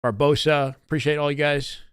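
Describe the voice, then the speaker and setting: A Canadian man chatting casually on a live stream, relaxed and full of fillers as he reacts to matches. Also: a little high, normal speed, clean tone, dry recording, clean studio sound. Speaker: streamer and esports co-caster.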